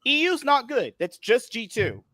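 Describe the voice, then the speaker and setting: High lively guy joking around on a podcast, dry sound. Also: a little slow, dry recording. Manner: joking, teasing banter. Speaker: podcast co-host. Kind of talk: casual esports chat.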